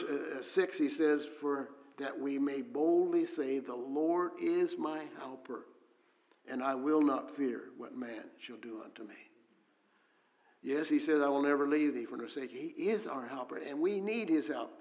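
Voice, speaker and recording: A man's voice: medium pitch, a little slow. A man preaching a sermon with earnest delivery, reading scripture aloud and often restarting with fillers. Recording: long hall reverb.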